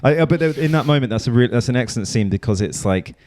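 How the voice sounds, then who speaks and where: A man's voice: mid-range voice, lively intonation, fast, darkish tone. A man co-hosting a podcast, talking through a film in a rambling, casual way full of fillers. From London. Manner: rambling, filler-heavy, with restarts. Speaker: podcast co-host.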